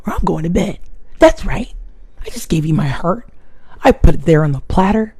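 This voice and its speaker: A woman from Connecticut with a local accent, hosting a live stream on her phone and talking in an animated, opinionated, chatty way with her viewers. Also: lowish voice, moderate pace, breathy edge. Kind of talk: casual live-stream talk.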